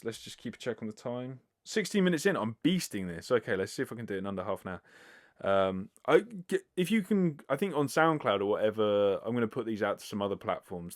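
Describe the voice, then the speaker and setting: A British man hosting a casual solo podcast, answering listener questions in a rambling, self-deprecating way with lots of fillers and casual swearing. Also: lowish voice. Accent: British English. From Britain. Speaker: podcast host.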